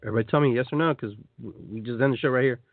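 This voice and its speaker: Speaking very fast at a medium pitch, a man comes through a tinny phone connection with no room sound. He hosts a live call-in radio show as a shamanic guide, eagerly chatting and walking listeners through a meditation, full of restarts and repetitions.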